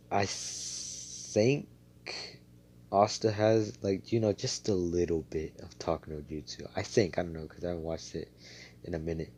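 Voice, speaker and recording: Deep mellow guy on voice chat rambling thru a fan story, lots of ums and swearing. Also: steady tone, a little slow, husky. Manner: rambling, profane, filler-heavy. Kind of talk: casual fan-fiction storytelling. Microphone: voice chat mic.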